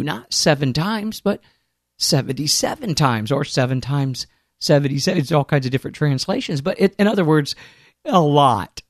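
A man's voice: fairly high pitch, no room sound, clean studio sound. A man preaching a sermon in an earnest, emphatic way, with conversational asides to his listeners.

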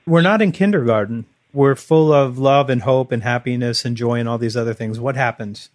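A man's voice: mid-range voice, normal speed. A man in his forties hosting a podcast, upbeat and conversational, doing interviews and ad reads. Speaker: podcast host. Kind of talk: interview and ad read.

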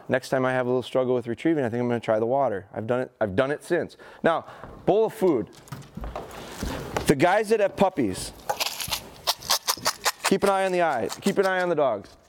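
A man in his forties giving a live dog training seminar, telling stories in an animated, folksy way and speaking to the audience. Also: medium pitch. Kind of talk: live seminar talk with demonstration. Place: seminar hall at an outdoor show.

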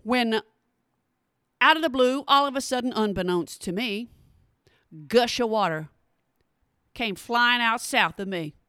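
Animated woman telling a story. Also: a little high, unhurried, long pauses, smooth, no echo, studio quality. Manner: animated, emphatic, talks straight to listeners. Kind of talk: casual personal storytelling.

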